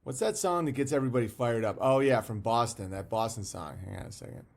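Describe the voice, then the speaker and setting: A man's voice: medium pitch, fast talker, creaky, a little mellow. Rambling man chatting on a livestream. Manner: rambling, reads viewer comments aloud; blunt and profane. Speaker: livestream host. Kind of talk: casual livestream chat.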